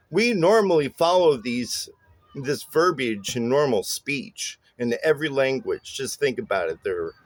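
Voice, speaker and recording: Man, bass teacher, relaxed lesson, chatty with fillers, medium pitch, dry close sound. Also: no room sound. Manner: relaxed and chatty, many "uh" and "um" fillers, chuckles at his own jokes. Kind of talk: casual spoken lesson.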